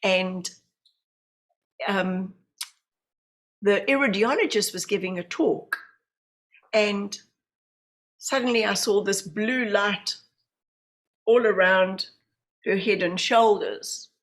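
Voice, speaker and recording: With long pauses and a slow delivery, a medium-pitched woman tells personal stories in a podcast interview. She's a medium and hypnotherapist in her fifties with a New Zealand accent, and she animatedly imitates the people she's quoting.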